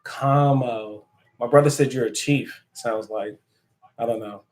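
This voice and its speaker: A man's voice: mid-range voice, a little slow, a little mellow, rough recording. A man hosting a casual live stream who answers viewer comments and laughs often. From United States. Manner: chatty and joking, laughs often.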